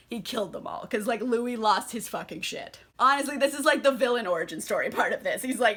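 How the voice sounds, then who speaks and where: A tipsy woman giving a casual book recap, animated, swearing and laughing often. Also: a little high, fairly quick, hardly any pauses. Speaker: book reviewer.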